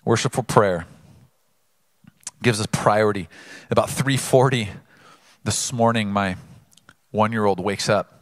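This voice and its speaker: A male pastor preaching a sermon, earnest and building to emphatic peaks before dropping low, an animated storyteller. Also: unhurried, long pauses, no echo, studio quality.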